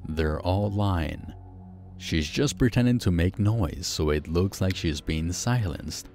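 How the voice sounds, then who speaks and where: A man doing a gruff, stubborn father. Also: low voice, darkish tone, soft background music. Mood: insistent. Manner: gruff and slow, insisting. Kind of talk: audiobook character voice.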